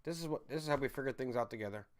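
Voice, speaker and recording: Angry ranting man, smooth voice. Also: very fast. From United States. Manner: angry, swearing, swings from loud outbursts to low muttering. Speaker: livestream host. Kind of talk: casual ranting livestream.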